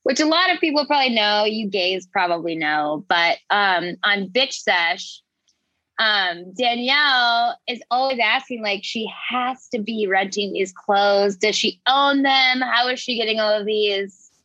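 Sassy woman spilling gossip, bright sharp voice, kinda dull lo-fi sound. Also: medium pitch, measured pace, dry recording. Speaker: podcast co-host. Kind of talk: casual gossip chat.

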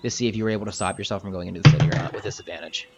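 Brief: male game master, rambling casual narration, low voice. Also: fairly even intonation, very fast, loud music behind the voice. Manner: loose, filler-heavy narration. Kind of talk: narrating a tabletop game podcast.

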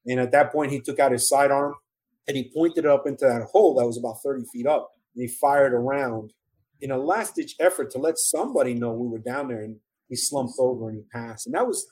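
A man's voice: mid-range voice, a little mellow, husky, poor audio. A middle-aged man with a New York accent, earnestly telling his own survival story in an interview, with emotional restarts. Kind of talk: first-person testimony in an interview.

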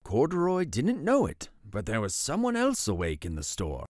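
A man's voice: medium pitch, wildly swooping pitch, moderate pace, darkish tone, dry recording, studio quality. A man hosting a show and reading a bedtime picture book aloud, telling the story with voices. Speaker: host and story reader.

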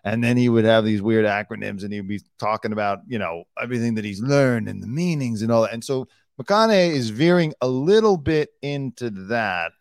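A man's voice: mid-range voice, a little fast, dry recording, studio quality. A man hosting a podcast in casual chat, telling stories wryly and conversationally. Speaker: podcast host.

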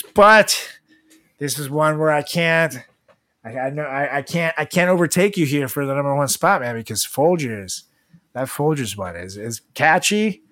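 A man's voice: fairly high pitch, fairly bright tone, dry recording, clean studio sound. A man co-hosting a podcast in casual chat. He jokes, laughs often and rambles with restarts. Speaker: podcast co-host.

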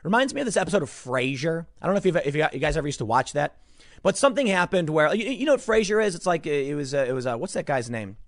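A man giving opinionated news commentary, animated and sarcastic, sometimes mocking others in put-on voices. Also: a little high, fast talker, no echo, studio quality. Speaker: political commentator.

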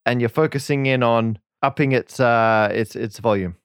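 A man's voice: medium pitch, normal speed, clean tone, no room sound, clean studio sound. A man co-hosting a podcast, asking curious questions with frequent restarts. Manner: lively, curious, stumbling restarts. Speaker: podcast co-host. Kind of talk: casual chat on a podcast.

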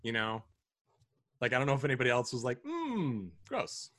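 A man's voice: medium pitch, little pitch movement, fast, bright, forceful tone, dry recording. Rambling male podcast co-host. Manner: rambling, many restarts and fillers. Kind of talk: casual film review chat.

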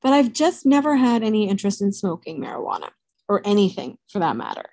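Woman storyteller, candid and animated, salty language, mid-range voice, dry close sound. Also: mid-range voice, fast, vocal fry, dry recording. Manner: candid, animated, swears freely. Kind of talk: casual storytelling to camera.

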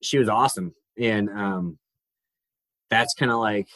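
Low-voiced laid-back man in his 40s. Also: unhurried, fairly bright tone, dry recording. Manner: laid-back, self-deprecating. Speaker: podcast guest. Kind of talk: casual chat.

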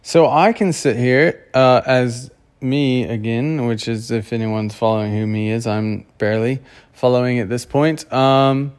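A man's voice: medium pitch, fairly even intonation, unhurried, a little mellow, smooth. A man talking to camera in a casual monologue, rambling and often stopping to search for words. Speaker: vlogger.

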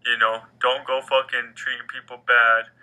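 A young man rants through his own show. His voice is very bright and edgy, full of casual profanity. He jumps between loud bursts and low, muttered asides. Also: flat delivery, normal speed, poor audio. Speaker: podcast host. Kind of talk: casual rant.

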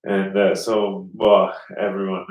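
Low-voiced rambling guy, roomy and distant. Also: monotone, slow, dull audio. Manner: rambling, swears often, acts out other people's lines in a raised voice. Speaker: storyteller in casual chat. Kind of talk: casual chat.

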